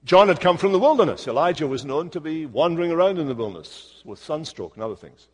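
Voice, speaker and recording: A male pastor preaching a sermon, emphatic and slowing down on key words. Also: fairly high pitch, expressive, long reverb tail. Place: church.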